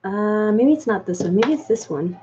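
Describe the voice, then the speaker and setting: A woman's voice: medium pitch, animated, moderate pace, mellow, slightly rough, muffled recording. A woman chatting casually to her viewers, rambling with many "like"s and false starts. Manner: rambling with many likes and restarts. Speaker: doll collector vlogger. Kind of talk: casual unscripted chat.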